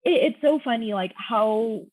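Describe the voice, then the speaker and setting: A woman's voice: a little high, moderate pace, a little mellow, dry recording, poor audio. A young woman from South Texas chatting casually on a podcast, filling her talk with "like.". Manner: filler-heavy, says like constantly. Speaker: podcast host. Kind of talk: casual chat.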